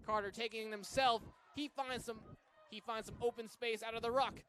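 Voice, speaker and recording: A man from Massachusetts doing live play-by-play rugby commentary, getting excited when big plays happen. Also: very high-pitched, a little fast.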